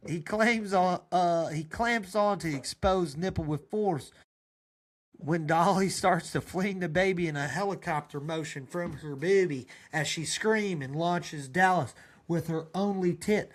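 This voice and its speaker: Deadpan host reading stage directions, stumbles a bit. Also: male voice, sits high, unhurried. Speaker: podcast host reading a comedy script. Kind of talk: narrating a comic screenplay.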